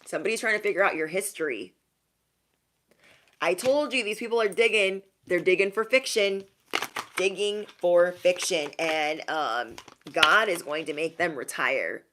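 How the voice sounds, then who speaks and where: Lowish-voiced woman doing a sassy tarot reading, repeats stuff for emphasis, faint noise behind. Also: moderate pace, fairly bright tone. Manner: mocks others in high put-on voices. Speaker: tarot reader. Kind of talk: casual tarot reading to viewers.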